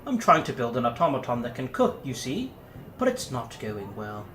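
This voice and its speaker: A man voicing an eccentric upper-class English gentleman inventor with a plummy, jovial manner. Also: medium pitch, normal speed. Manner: plummy, jovial, lively swoops. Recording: roomy echo, faint noise.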